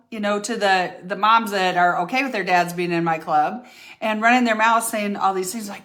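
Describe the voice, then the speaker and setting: A woman's voice: medium pitch, moderate pace. Chatty, candid older woman. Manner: chatty, candid, animated, with many fillers and restarts. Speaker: vlogger telling her life story. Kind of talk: casual storytelling to camera.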